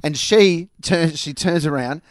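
A man, a comedian, recounting stories in a relaxed chat and chuckling often. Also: a little high, measured pace, dry recording, studio quality. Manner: laid-back storyteller who chuckles often. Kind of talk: casual chat, anecdote telling.

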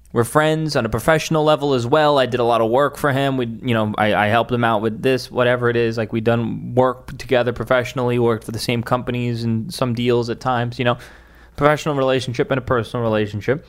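A man's voice: mid-range voice, fairly even intonation, a little fast. A man who is a social media influencer, delivering a heated, emphatic opinion rant with frequent restarts.

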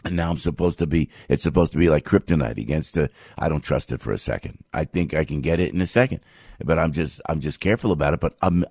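A man's voice: low voice, a little mellow, dry recording, studio quality. An older man ranting in political commentary, rambling and exasperated, with frequent stops and restarts.

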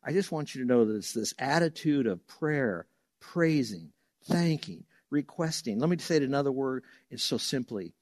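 A man preaching a sermon as a pastor, telling stories with lively acted-out voices. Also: medium pitch, normal speed, no room sound. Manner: animated storytelling, acts out voices loudly.

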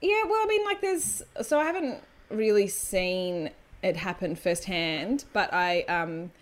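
Woman, thirties, mid-pitched, blunt deadpan humor, swearing, casual co-host chat. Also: a little slow, a little hiss or hum. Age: 30s. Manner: dry, blunt, swears freely. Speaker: podcast co-host.

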